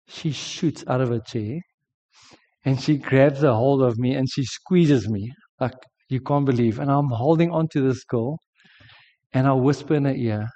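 A man's voice: mid-range voice, steady tone, a little fast, dark tone, in a large hall, dull audio. A South African man in his forties, sick with a sore throat, telling an earnest sermon story with frequent restarts. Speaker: preacher. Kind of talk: sermon testimony.

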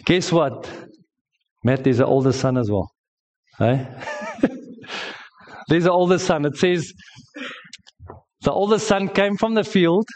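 Preacher, storytelling sermon. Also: male voice, fairly high pitch, darkish tone. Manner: storytelling, emphatic, joking with the congregation. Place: church service.

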